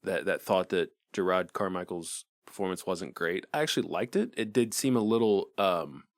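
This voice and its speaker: A man co-hosting a movie podcast, easygoing and agreeable in casual chat, and quick to laugh. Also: low voice, dry recording, studio quality. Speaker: podcast co-host.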